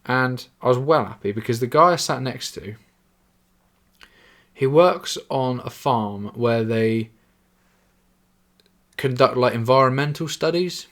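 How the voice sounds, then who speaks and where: This casual solo podcast monologue comes from a young man with an English accent whose medium-pitched voice is unhurried and pauses often. He rambles, takes the mickey out of himself, and swears plenty.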